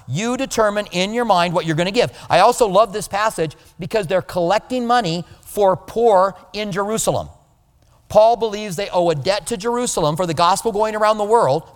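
A male pastor giving a conversational sermon, animated and now and then mimicking other people's voices. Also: high-pitched, long reverb tail.

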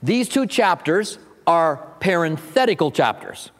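A man's voice: on the high side, very animated, a little slow, fairly bright tone. Man preaching in a reverberant hall. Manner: conversational teaching with asides and humor. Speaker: pastor. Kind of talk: sermon. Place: church sanctuary.

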